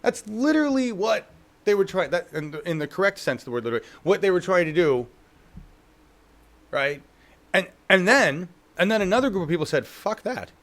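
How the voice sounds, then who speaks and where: A man's voice: sits high, sing-song, brisk, fairly bright tone. A man co-hosting a casual political talk show, profane and mocking, often acting out the people he talks about. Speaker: co-host.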